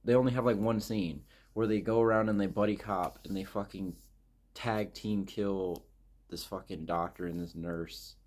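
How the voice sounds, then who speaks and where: A man's voice: fairly low pitch, steady tone, moderate pace, a little mellow. A man ranting casually about a movie, profane and exasperated, rambling and jumping between points. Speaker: movie reviewer. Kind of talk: casual rant.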